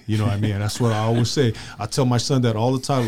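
Middle-aged male host, playful, teasing, mid-pitched, casual delivery. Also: steady tone, quick pace, few pauses, a little mellow. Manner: joking, teasing, laughing. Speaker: podcast host. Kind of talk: casual chat.

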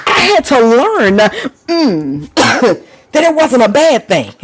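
A man's voice: extremely high pitch, sing-song, slow pace, slightly rough. A man preaching a charismatic sermon, laughing often, repeating hallelujah and breaking into tongues.

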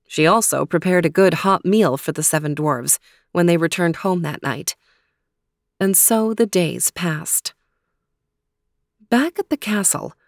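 A woman telling a fairy tale aloud in calm, measured storybook narration. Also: on the low side, no room sound, clean studio sound. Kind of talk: storybook reading.

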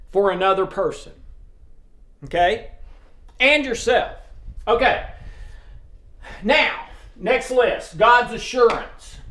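Slow-talking man preaching in a roomy space. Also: high-pitched, sharp tone. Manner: plain conversational teaching, checks in with "okay?". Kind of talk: sermon. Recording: roomy echo.

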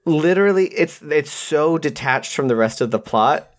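Rambling, animated man recapping a film. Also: on the high side. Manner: rambling, animated, quick to quote characters. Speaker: podcast co-host. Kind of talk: casual movie discussion.

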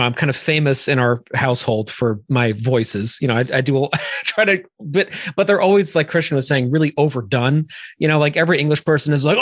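Podcast host, man, slightly high voice, loose rambling delivery. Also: no room sound, studio quality. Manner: rambling, many restarts. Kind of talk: casual podcast interview.

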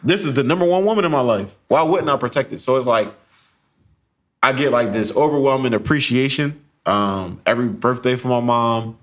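A young man co-hosting a podcast in casual chat, telling stories with laughter and acted-out quotes. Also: mid-range voice. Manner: animated storytelling, laughing, acts out quotes. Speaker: podcast co-host.

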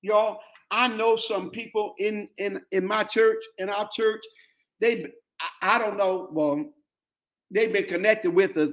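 Middle-aged male pastor, African-American English accent, high-pitched voice, preaching with repetition and call-outs. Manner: preaching with call-outs to the congregation, repeating phrases for emphasis. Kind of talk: sermon.

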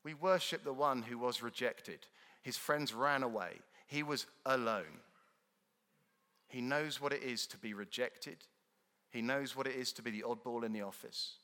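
A man preaching a sermon in a church, earnest and emphatic, swinging between loud declarations and hushed moments. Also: medium pitch, normal speed. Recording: long reverb of a large hall.

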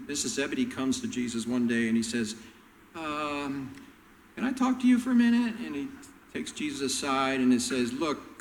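A man preaching a sermon, telling Bible stories and acting out the characters' lines with animated voices. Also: mid-range voice, vocal fry, big-room sound, slight background noise, low-quality recording. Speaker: pastor.

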